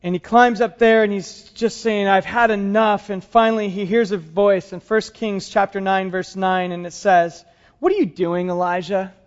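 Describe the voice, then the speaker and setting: A pastor preaching a sermon to his congregation, moving between soft, quiet lines and emphatic, raised passages. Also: high voice, steady tone, moderate pace, dull audio. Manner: dramatic shifts between soft and emphatic delivery.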